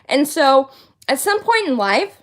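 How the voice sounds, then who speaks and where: With a high-pitched, sing-song voice at a measured pace, this livestream host in her late thirties vents on a casual stream. She talks with indignant emphasis and keeps restating her points.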